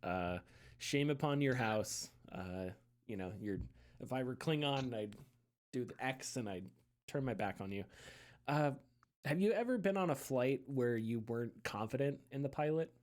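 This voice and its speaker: A man's voice: mid-range voice, expressive, normal speed, darkish tone. A man co-hosting a casual chat podcast, telling rambling stories with frequent chuckles and restarts. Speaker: podcast co-host.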